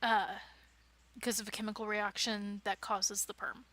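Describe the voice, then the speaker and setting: A woman's voice: medium pitch, level tone, moderate pace, sharp tone. A woman leading a writing club, giving an informal, chatty talk with frequent restarts and fillers. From United States. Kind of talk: casual informal teaching talk.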